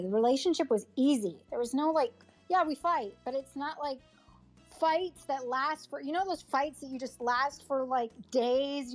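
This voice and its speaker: A woman's voice: high-pitched, darkish tone. A woman actor being interviewed in a casual chat, earnest and heartfelt, rambling with fillers and restarts. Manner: heartfelt, moved close to tears. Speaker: actor and acting coach, interview guest. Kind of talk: casual interview over an audio chat app. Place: audio chat room.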